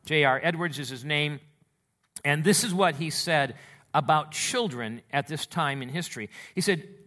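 Man, preacher, sermon, conversational, bright tone. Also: fairly high pitch, moderate pace. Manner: conversational, animated Bible exposition.

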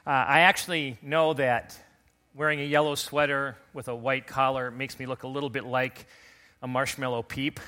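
A middle-aged man, a pastor, preaching an earnest Easter sermon to his congregation, recovering from a recent illness and building to loud emphatic calls. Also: medium pitch, little pitch movement, moderate pace.

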